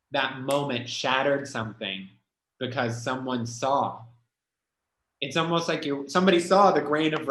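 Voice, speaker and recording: A man's voice: mid-range voice, fairly bright tone, reverberant, poor audio. A man speaking as a guest, telling his own story candidly and emotionally, full of "like" and the odd swear word. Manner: emotional, confessional, heavy filler "like", swears.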